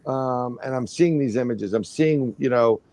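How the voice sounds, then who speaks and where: This paranormal researcher, a middle-aged man appearing as a livestream guest, speaks at medium pitch and a little slowly in a dry recording. He rambles through a lively, casual tale full of restarts and voiced-out quotes.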